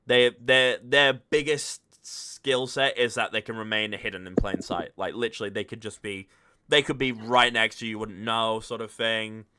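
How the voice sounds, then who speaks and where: A man's voice: lowish voice, steady tone, moderate pace, pushed and bright, clear, resonant tone. A man chatting casually after a tabletop game session, talking over his character's choices and boasting in jest. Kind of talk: casual post-game discussion.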